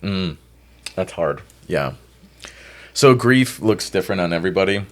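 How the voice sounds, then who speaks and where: Male life coach, very low voice, laid-back and reflective, conversational podcast guest. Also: unhurried. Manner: relaxed, reflective, uses filler "like" often. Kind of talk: casual podcast advice.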